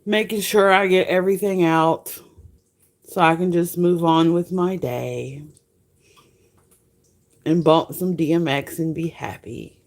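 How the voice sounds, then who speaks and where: A woman's voice: fairly low pitch, slow pace, long pauses. Frank, profane woman vlogging to viewers. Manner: frank, profane, laughs often; cooking while talking. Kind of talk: casual monologue to viewers.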